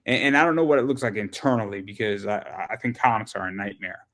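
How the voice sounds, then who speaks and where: A man's voice: lowish voice, fast talker, fairly bright tone. A man hosting an interview show, talking casually and rambling, often repeating words as he starts a thought.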